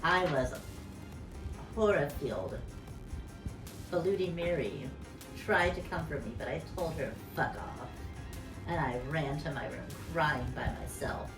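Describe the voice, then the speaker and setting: A woman, a drag performer, co-reading a fanfic with playful, teasing, drawn-out delivery. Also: low voice, lively intonation. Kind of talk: comic dramatic reading of a fanfic. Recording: echoey room with clear music behind.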